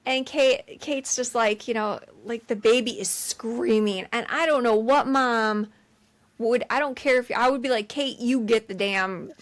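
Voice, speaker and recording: A woman's voice: on the high side, unhurried. A woman co-hosting a film podcast, a mother, chatting casually and acting out lines from scenes. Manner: animated retelling with voiced quotes. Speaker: podcast co-host. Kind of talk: casual chat.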